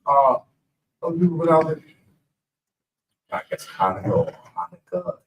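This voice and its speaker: A man's voice: fairly high pitch, big pitch swings, a little slow, highs cut off, slight background noise. A man from the audience asking hesitant questions.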